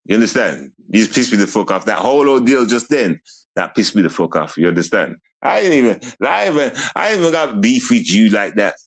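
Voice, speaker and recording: A man's voice: on the low side, big pitch swings, fairly quick, husky. A young man ranting on a casual livestream, mocking and repetitive as he talks to his chat.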